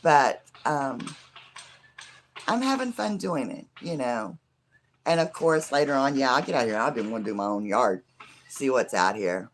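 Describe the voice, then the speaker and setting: A middle-aged live stream host with a scratchy, hoarse voice, chatting casually with viewers and rambling with lots of fillers. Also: mid-range voice, animated, normal speed. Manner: rambling, chatty, many fillers like "you know". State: hoarse from laughing.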